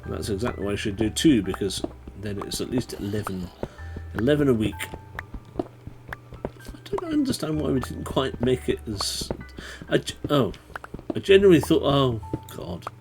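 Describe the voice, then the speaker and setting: A man's voice: mid-range voice, very animated, moderate pace, over music. A man chatting casually to his viewers while playing a game on a livestream, rambling and swearing when startled. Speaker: streamer. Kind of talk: casual gaming livestream chat.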